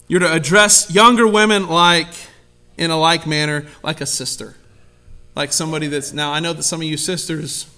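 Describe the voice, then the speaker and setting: A man preaching a sermon in an animated, conversational way, often acting out quotes. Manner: animated, conversational, acts out quotes with sudden loud high voices. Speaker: pastor.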